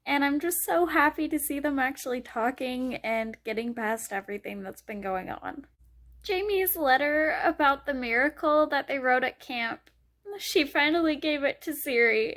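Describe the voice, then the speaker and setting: A woman's voice: high voice, a bit bright. A young woman vlogging casually about a book she is reading, gushing and emotional, laughing often.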